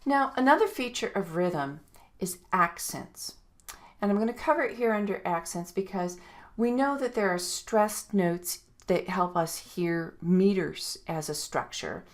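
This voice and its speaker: A woman's voice: medium pitch, lively intonation, a little slow. A woman music teacher narrating a recorded video lecture in a chatty way, scatting rhythms aloud to point out beats. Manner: chatty, scats rhythms with "ba" and "da" sounds.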